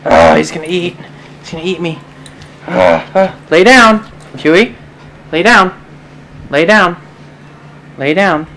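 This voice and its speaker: A woman filming her puppy at home, cooing at it in high baby talk and giving it commands. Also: takes it slowly, vocal fry, long pauses, fairly bright tone, a little hiss or hum. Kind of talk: home video, talking to a pet. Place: home, indoors.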